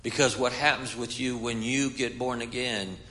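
A man's voice: medium pitch, steady tone, normal speed. A man preaching a sermon, retelling a Bible story and voicing its characters. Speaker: guest preacher. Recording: hall reverb.

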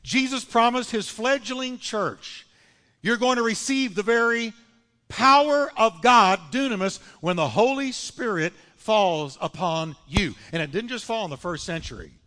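High-voiced preaching pastor, man. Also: lively intonation, fairly bright tone, in a large hall. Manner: preaching with emphatic, drawn-out phrases and call-and-response. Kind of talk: sermon. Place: church sanctuary.

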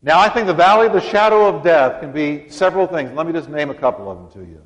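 A man's voice: a little high, animated, quick pace. Preaching man in a reverberant church. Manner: emphatic preacher, leads congregation in call-and-response. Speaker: pastor. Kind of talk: sermon. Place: church sanctuary. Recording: dull sound with long church reverb.

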